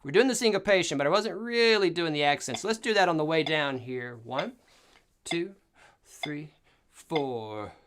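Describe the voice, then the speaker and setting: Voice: mid-range voice, expressive, fast talker, few pauses, a bit bright, smooth. A cello teacher giving an online lesson, coaching step by step and counting in each exercise aloud. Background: cello playing.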